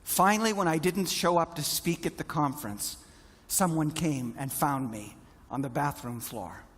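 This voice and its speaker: A man giving a motivational keynote, telling a story dramatically with long pauses. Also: a little high, fairly bright tone, husky. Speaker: keynote speaker. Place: stage before a large audience.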